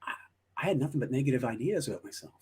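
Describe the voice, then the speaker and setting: Guest, male, husky voice, encouraging and reflective, middle pitch. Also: expressive, very fast, warm tone. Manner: reflective, encouraging, many restarts. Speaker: guest, motivational speaker. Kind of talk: casual interview chat.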